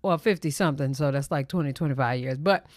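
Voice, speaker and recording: Woman reaction host, lowish voice, dry close sound, blunt and dismissive commentary. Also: quick pace, darkish tone, no room sound.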